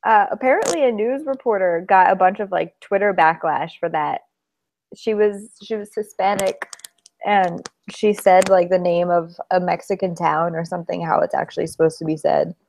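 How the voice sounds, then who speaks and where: A woman's voice: on the low side, moderate pace, a little mellow. A young woman co-hosting a casual podcast chat, telling stories and laughing often. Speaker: podcast co-host.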